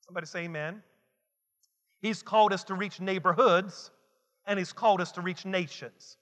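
A high-pitched man preaching with a bright, forceful edge, stacking repeated lines and urging the congregation to answer him. His voice rings out with a long reverb tail, as in a large sanctuary. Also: normal speed. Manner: call-and-response preaching, repetitive and emphatic. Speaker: pastor. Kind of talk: sermon. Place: church sanctuary.

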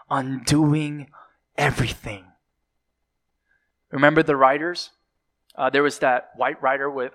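A man with a mid-range, slightly bright voice preaches a sermon, building dramatic emphasis and sometimes dropping to a whisper. He uses occasional fillers and self-corrections.

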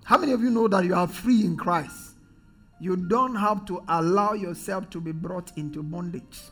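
A man preaching a sermon in church, leading the congregation in call-and-response and often rising to shouts. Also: high-pitched, moderate pace, soft background music.

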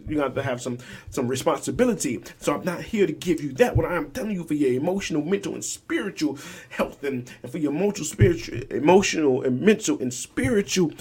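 A man's voice: fairly high pitch, breathy edge. A young man hosting a podcast, preaching emphatically, repeating phrases and dropping to whispers. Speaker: podcast host. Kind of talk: preaching-style podcast talk.

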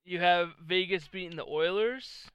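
A man's voice: high voice, moderate pace, a bit bright, clean tone, no echo. A man co-hosting a sports podcast in casual chat, jokey and self-deprecating, laughing often. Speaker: podcast co-host.

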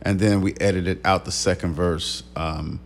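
An older man with a somewhat low voice tells stories as an interview guest. He speaks at a relaxed pace, laughs easily, and stops to reflect and repeat himself. The tone stays conversational and candid. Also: a little slow, slight background noise. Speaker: record executive and producer guest.

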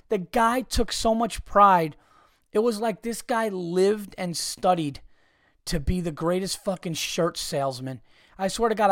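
Man, podcast host, swearing a lot, fairly high voice, dry close sound. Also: dry recording. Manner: profane, animated storytelling with frequent restarts. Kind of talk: casual comedic rant.

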